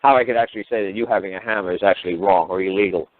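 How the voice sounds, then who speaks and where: Over a tinny phone line, a man with a low voice speaks at a racing pace as a guest lecturer on a call-in talk show, blunt and profane and firing off rhetorical questions. There is no room sound.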